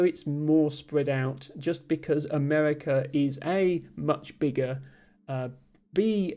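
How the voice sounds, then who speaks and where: A man's voice: fairly high pitch, darkish tone. A man streaming live, reading out viewer comments and answering them in a thoughtful, rambling way with many ums and restarts. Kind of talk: casual live-stream chat.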